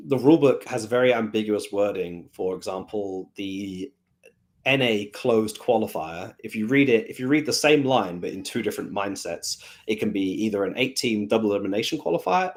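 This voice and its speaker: Man with a very low voice, unhurried, thinking aloud, conversational Q&A. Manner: rambling, thinking aloud with many fillers. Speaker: team manager answering fan questions. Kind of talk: casual Q&A chat.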